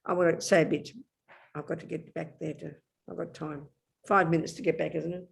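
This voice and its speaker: A woman's voice: low voice, fairly even intonation, brisk, creaky, slightly rough. A woman Buddhist teacher speaks with insistent, heartfelt emphasis, leaning hard on key words. She talks intimately to her listeners, calling them darling and sweetheart. Her voice comes through a video call.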